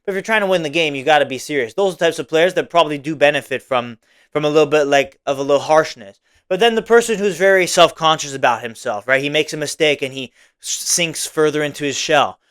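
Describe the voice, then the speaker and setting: A man's voice: on the high side, quick pace, a bit bright, clear, resonant tone. A young man hosting a solo podcast, talking casually and rambling, with many "like"s and "right?"s. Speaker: podcast host.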